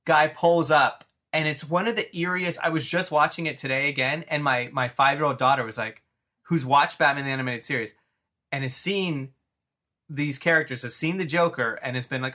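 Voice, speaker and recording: A man in his thirties chatting on a podcast with a bright, forceful tone. He talks with eager enthusiasm, rambling and acting out the story as he goes. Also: on the high side, a little fast. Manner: enthusiastic, rambling, acts out scenes. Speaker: podcast host. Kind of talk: casual chat.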